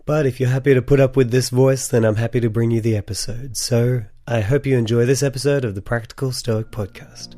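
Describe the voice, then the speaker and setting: A man's voice: medium pitch, fairly even intonation, brisk, hardly any pauses, dark tone, dry recording. A man hosting a solo podcast, speaking earnestly and encouragingly to his listeners in a voice still sick from a cold. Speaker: podcast host.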